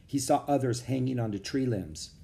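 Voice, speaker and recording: A man narrating a children's chapter book aloud in a steady, expressive reading. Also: medium pitch, moderate pace, vocal fry. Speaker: audiobook narrator. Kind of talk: storybook read-aloud.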